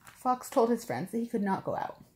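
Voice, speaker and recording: A woman reading a picture book aloud to preschoolers, gentle and expressive. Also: a little high, normal speed. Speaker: preschool storytime reader.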